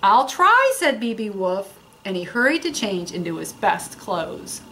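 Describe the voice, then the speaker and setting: A woman reading a picture book aloud to children in an expressive storytelling manner. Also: mid-range voice, a little slow, slight background noise. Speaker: librarian.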